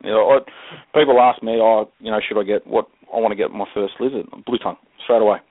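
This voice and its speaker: An Australian man as the guest, chatting casually and jokily with drawn-out pauses. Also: fairly low pitch, fairly even intonation, no echo. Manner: laid-back, jokey, chuckling, drawn-out um pauses. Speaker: guest reptile expert. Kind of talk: casual podcast chat. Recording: phone-like call line, dry.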